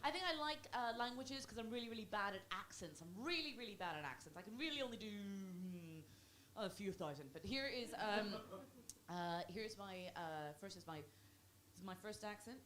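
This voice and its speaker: A woman works a comedy club crowd with dry, self-mocking stand-up. Her voice sits at an ordinary middle pitch. The live recording carries clear background noise. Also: expressive, normal speed, a bit bright. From Ireland. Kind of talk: stand-up set.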